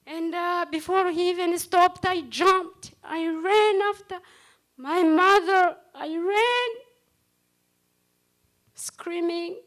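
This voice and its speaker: A middle-aged woman gives her testimony at a commemoration. Her voice sits high, and she speaks slowly in short, broken phrases. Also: steady tone, fairly bright tone. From Rwanda. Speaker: survivor giving testimony at a commemoration. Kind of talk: personal testimony speech.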